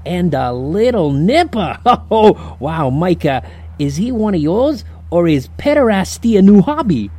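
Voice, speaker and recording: A man's voice: sits high, big pitch swings, a little slow, darkish tone, slight background noise. A man playing a brash wisecracking demon. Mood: jovial. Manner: brash slangy banter, chuckling. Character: wisecracking male demon, sleazy and jovial. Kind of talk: audio drama acting.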